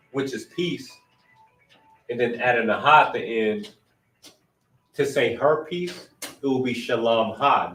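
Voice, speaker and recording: A man with a medium-pitched, fairly bright voice teaches an informal Hebrew grammar class, recorded on a distant mic in a roomy space. He explains patiently, step by step, thinking aloud as he goes.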